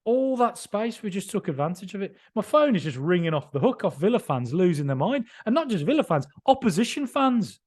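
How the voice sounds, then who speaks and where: High-pitched guy on a footy podcast, hyped post-match reaction, gushing and repeating himself. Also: fairly quick, few pauses. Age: 30s or older. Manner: excitable, emphatic, rambling with repeats. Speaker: football podcast host.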